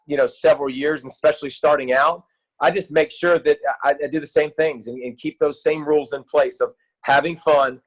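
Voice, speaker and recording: A man in his thirties, a youth football coach, talking in an excited, rambling way with many restarts in a casual interview. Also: fairly high pitch, low-quality recording.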